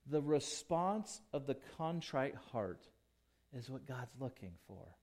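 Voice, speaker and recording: A male pastor preaching a sermon, emphatic, with big swings between quiet and loud. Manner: slow, emphatic preaching with dramatic swings in volume and pitch.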